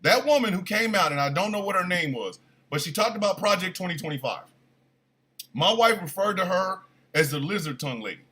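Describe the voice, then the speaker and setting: A man hosting a morning show, telling a comic story in a casual, animated way with loud bursts of disbelief. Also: high-pitched, brisk.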